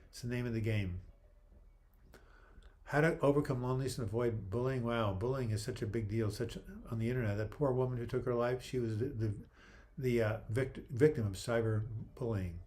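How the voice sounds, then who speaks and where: Speaking slightly quickly in a mid-range, somewhat dark voice, an older man hosts a relaxed livestream. He reads viewer comments aloud and responds in a chatty, humorous manner with many false starts.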